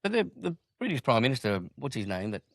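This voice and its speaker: A blunt man co-hosts a casual podcast chat and talks quickly. He swears easily, swaps stories and ribs his co-host. The sound is dry and close. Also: medium pitch, sing-song, creaky, a bit bright, no room sound.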